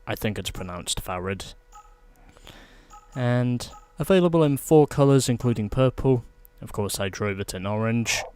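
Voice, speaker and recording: A man's voice: mid-range voice, normal speed, few pauses, darkish tone, clean tone, no room sound. A man talking through his video game playthrough in a chatty, explaining way. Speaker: let's play host. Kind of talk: gameplay commentary.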